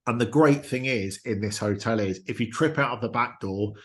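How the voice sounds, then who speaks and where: A man's voice: mid-range voice, normal speed. A man hosting a podcast, telling a travel story with enthusiasm in casual chat. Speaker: podcast host.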